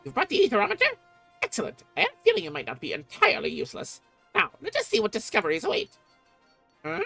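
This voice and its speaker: A haughty, sharp-tongued scholar from a video game, speaking in a high voice that leaps all over the place. The delivery is crisp and disdainful, as if everyone around is beneath her notice. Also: wildly swooping pitch, fast talker, faint music behind, heavily acted. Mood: condescending.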